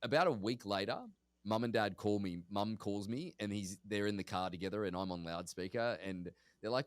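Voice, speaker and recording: A man with a fairly low voice tells a story in a casual podcast chat, recorded close and dry. He livens it up by acting out both sides of phone calls in different voices. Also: fairly quick, no echo. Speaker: guest, auction real estate agent.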